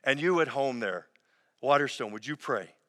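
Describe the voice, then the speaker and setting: A man preaching a sermon as a pastor, earnest, slowing and softening on key phrases. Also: medium pitch, lively intonation. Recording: long reverb of a large hall.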